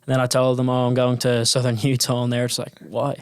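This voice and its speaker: A man's voice: mid-range voice, monotone, fast talker, clear, resonant tone, no room sound, clean studio sound. A young man in his twenties with a South Dublin Irish accent, rambling through stories in a casual chat. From Ireland. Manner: rambling storyteller with many restarts. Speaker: guest.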